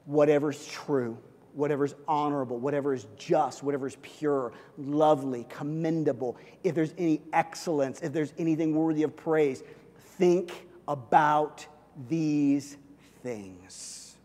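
A man preaching a sermon in a lively, animated way, now and then acting out imagined lines. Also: on the high side, normal speed, big-room sound. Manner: animated preaching, acts out God's voice in asides. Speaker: pastor.

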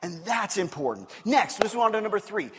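A male pastor preaching a sermon, swinging between loud emphatic bursts and low hushed passages. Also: sing-song, brisk, big-room sound, a little hiss or hum.

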